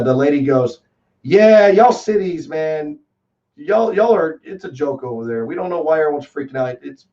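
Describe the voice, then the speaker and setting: A man from Texas in casual chat as a guest, telling rambling, animated stories with lots of fillers. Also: medium pitch. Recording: distant, dull lo-fi call audio.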